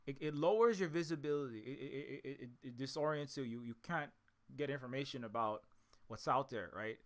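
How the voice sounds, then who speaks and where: This indie game developer from Hawaii speaks to his audience in a mid-range voice at a fairly quick pace. His solo commentary rambles, repeats itself, and keeps restarting, with nearly every point capped by a checking-in "right?"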